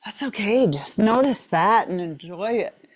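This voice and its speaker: A woman teaching a yoga class while moving along with it, out of breath, encouraging and relaxed, often repeating "right?" and "maybe you're here.". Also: mid-range voice, unhurried. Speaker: yoga instructor. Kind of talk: guided yoga class instruction.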